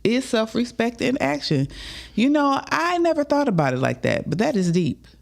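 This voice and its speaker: A woman's voice: fairly high pitch, big pitch swings, moderate pace, creaky. A woman co-hosting a casual morning show, upbeat with preachy asides. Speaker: co-host.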